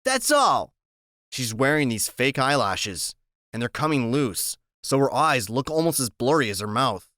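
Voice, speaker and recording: A man narrating a novel in the first person, steady and unhurried. His voice sits at a middling pitch, and the recording is dry with no room sound. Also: no room sound. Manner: steady, plain storytelling. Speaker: audiobook narrator.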